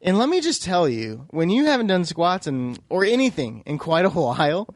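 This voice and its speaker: A man co-hosting a podcast in casual chat, an animated, self-mocking storyteller who laughs often. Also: a little high, normal speed, no echo, studio quality. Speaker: podcast co-host.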